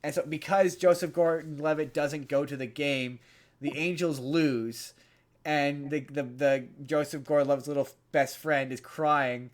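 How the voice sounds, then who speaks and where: Podcast co-host, male, slightly high voice, loose rambling plot recap. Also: steady tone, measured pace. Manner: rambling, many restarts, puts on character voices in retellings. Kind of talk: casual chat, retelling a movie plot.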